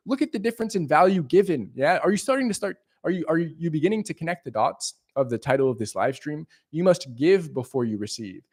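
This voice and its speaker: A man's voice: on the high side, a little fast, hardly any pauses. A man talking on a live stream, emphatic and full of swearing, with many repeats and restarts as he makes his point. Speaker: leasing agent and live streamer. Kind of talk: casual live stream monologue.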